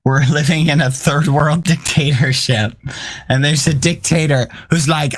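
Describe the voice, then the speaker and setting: A young man argues his side of a playful mock debate. He sounds incredulous and animated and laughs often, and his voice sits a little high for a man. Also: measured pace. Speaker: debater on a comedy talk show.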